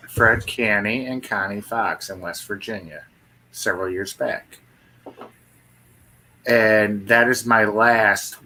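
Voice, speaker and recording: A man's voice: on the low side, sharp tone. A man co-hosting a live stream, chatting casually and eagerly telling a story of his own. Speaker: co-host of a live paranormal show.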